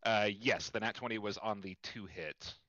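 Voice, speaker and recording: Man, low voice, sharp forceful tone, casual game chat, dull lo-fi online-call audio. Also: normal speed, dry recording. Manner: talks through his dice rolls and rules questions. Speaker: player.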